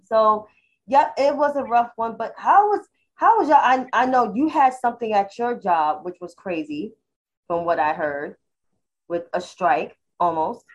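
A woman's voice: on the high side, lively intonation, measured pace, highs cut off. A woman co-hosting a podcast, candidly telling a personal story in a rambling, casual way. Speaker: podcast co-host. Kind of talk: casual chat.

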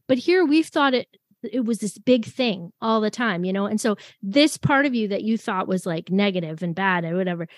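A woman who works as a therapist and supply teacher, explaining ideas in expressive, conversational talk. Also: mid-range voice, moderate pace, dry recording. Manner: expressive, acts out voices in her examples. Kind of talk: candid casual conversation.

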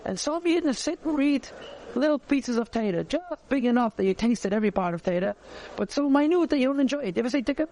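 A man, teaching a conversational Torah class, animated and repeating phrases as he searches for words. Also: very high voice, fast talker.

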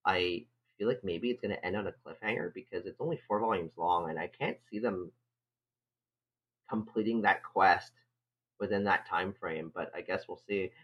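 A man's voice: low-pitched, moderate pace, fairly bright tone, poor audio. A man co-hosting a casual podcast, speaking in an easygoing, thoughtful way. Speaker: podcast co-host.

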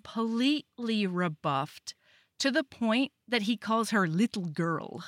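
A woman's voice: mid-range voice, slow, dry recording, studio quality. A young woman co-hosting a book podcast, chatting casually and recapping a novel with gasps and giggles. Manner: giggly, gasping, animated storytelling. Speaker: podcast co-host. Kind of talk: casual chat.

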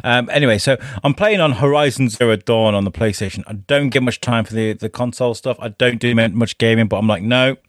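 Animated man, dry close mic. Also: medium pitch, fast, hardly any pauses, no echo. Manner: animated, swearing storyteller who laughs often. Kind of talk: casual chat.

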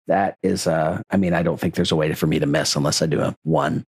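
A man's voice: very deep voice, steady tone, a little fast, slightly rough, no echo. A man acting as game master, narrating combat and rules in a playful, teasing way. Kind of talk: running a tabletop game.

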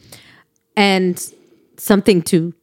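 A woman's voice: fairly low pitch, steady tone, takes it slowly, darkish tone, no room sound. Young woman cohost, blunt and sweary, dry close mic. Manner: candid, swears freely. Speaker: podcast co-host. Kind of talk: casual chat.

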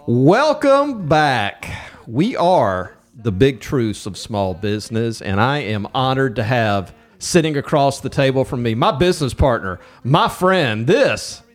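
A man co-hosting a business podcast, chatting casually in a joking, animated way. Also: medium pitch, unhurried, faint music behind. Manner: animated, jokey, with filler restarts. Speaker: podcast co-host. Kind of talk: casual chat.

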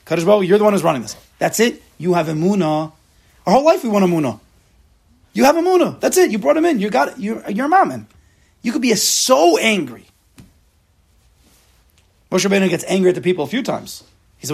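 A man's voice: sits high, big pitch swings, brisk, gravelly, pauses often, slightly rough. A man teaching a class, emphatic, mixing Hebrew terms into his English. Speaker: Torah teacher. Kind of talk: lecture to a class.

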